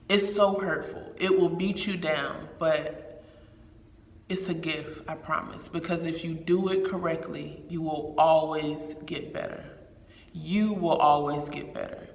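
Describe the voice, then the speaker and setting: A man's voice: fairly high pitch, fairly bright tone, distant mic. A man giving a candid, heartfelt faith reflection in casual talk, repeating phrases for emphasis. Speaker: speaker sharing a faith reflection. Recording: echoey room with long reverb.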